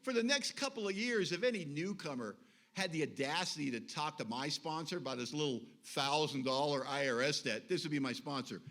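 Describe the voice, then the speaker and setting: A middle-aged man with a fairly high voice speaks at a recovery meeting. He tells his story in an animated, conversational way and acts out what others said to him. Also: a little fast. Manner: animated storytelling with acted quotes.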